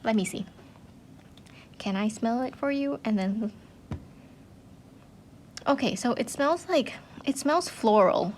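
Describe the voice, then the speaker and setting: A woman's voice: fairly high pitch, animated, slow pace, pauses often, a little mellow, slight background noise. A woman hosting an art channel, gushing in casual chat, full of "like" and "um" fillers. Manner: chatty, gushing, many "like" and "um" fillers.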